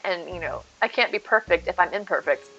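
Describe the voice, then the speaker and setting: A woman's voice: fairly low pitch, expressive, fairly quick, a bit bright, muffled recording, soft background music. A woman streaming a game, chatting casually and rambling to her viewers by name. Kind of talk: casual live-stream chat while gaming.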